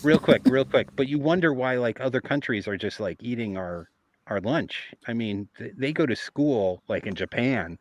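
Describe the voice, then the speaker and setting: Gen X male co-host in his forties, lower voice, blunt and teasing. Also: animated, moderate pace, no echo. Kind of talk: casual panel chat.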